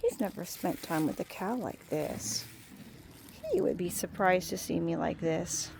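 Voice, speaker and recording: A woman's voice: fairly low pitch, measured pace, gravelly, noisy background. A woman talking in a rambling, sing-song way to a cow outdoors, recorded on a phone camera. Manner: sing-song baby talk to a cow, drifting into soft musings. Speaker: animal lover talking to a cow. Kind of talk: rambling talk to an animal.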